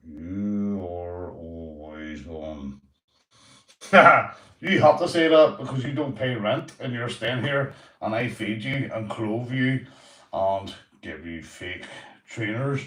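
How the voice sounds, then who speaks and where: A man's voice: medium pitch, unhurried. A man with a Northern Irish accent chatting casually on a livestream, swearing freely and calling everyone mate. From Northern Ireland. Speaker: YouTube livestreamer. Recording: roomy echoey room sound.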